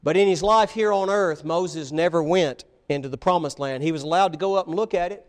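A man preaching a sermon, telling Bible stories with animated voices and speaking directly to the children. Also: a little high, fairly quick. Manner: animated storytelling, voicing biblical figures, addressing children. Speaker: pastor.

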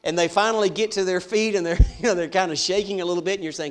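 A man preaching a sermon, swinging from hushed to loud and slowing down on key words. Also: high voice, fairly even intonation. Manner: dramatic swings from soft to loud, slows for emphasis.

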